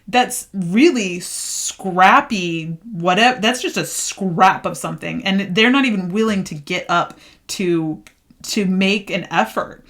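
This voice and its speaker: A woman's voice: mid-range voice, slow pace, a bit bright. A woman giving a casual tarot card reading, chatty and emphatic, full of fillers, getting worked up as she talks. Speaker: tarot reader.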